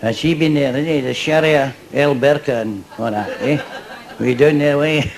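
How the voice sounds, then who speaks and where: A man's voice: fairly high pitch, moderate pace, creaky, a crowd in the background, low-quality recording. An older Scottish man doing a stand-up routine before a live audience, chatty and cheeky, laughing at his own jokes. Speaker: stand-up comedian.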